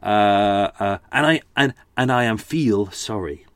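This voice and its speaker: Chatty man, low and dry. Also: expressive, measured pace, fairly bright tone, dry recording. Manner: rambling and chatty, with many fillers and asides. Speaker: podcast host. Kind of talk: casual chat, reading out archive letters.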